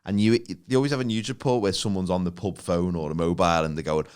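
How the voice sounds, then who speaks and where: A man's voice: sits low, steady tone, fast, darkish tone, smooth. A man co-hosting a podcast in casual, jokey chat, swearing freely and acting out voices in his stories. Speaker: podcast co-host.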